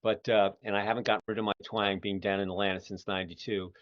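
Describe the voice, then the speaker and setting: A man's voice: fairly low pitch, little pitch movement, fast talker, no room sound. A middle-aged man with a Philadelphia accent hosting a casual interview show, rambling with lots of fillers. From Philadelphia area, USA. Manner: rambling, many fillers, folksy. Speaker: podcast host. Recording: muffled lo-fi audio.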